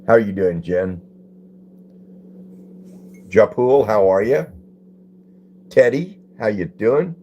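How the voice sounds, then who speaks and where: Man, deep and mellow, easygoing host reading viewer comments on a phone stream. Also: lively intonation, slow pace, long pauses, lo-fi sound, a little hiss or hum. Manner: laid-back, greets chatters by name and reads comments aloud. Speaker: livestream host. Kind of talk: casual livestream chat with viewers.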